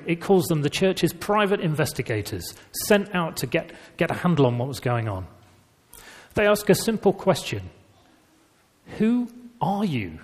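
A man preaching a sermon in a conversational, storytelling way. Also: fairly high pitch. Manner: conversational storytelling with lively emphasis. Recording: reverberant church hall.

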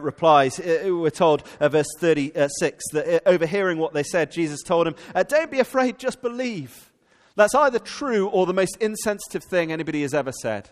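A man delivers a sermon in a slightly raised voice, animated and prone to stumbling restarts. His voice rings out with a long reverb, as if in a large church hall. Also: on the high side. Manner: animated, with frequent fillers and restarts. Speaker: preacher.

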